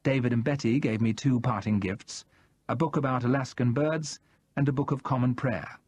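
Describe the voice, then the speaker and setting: A man narrating a novel in the first person, in a measured and expressive manner. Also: mid-range voice, breathy edge, dry recording. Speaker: audiobook narrator.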